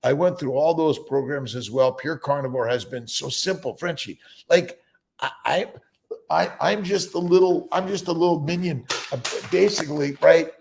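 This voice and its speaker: A man's voice: fairly high pitch, normal speed, creaky, a little mellow. A man hosting a casual morning livestream, rambling with many fillers as he greets viewers by name. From United States. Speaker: livestream host.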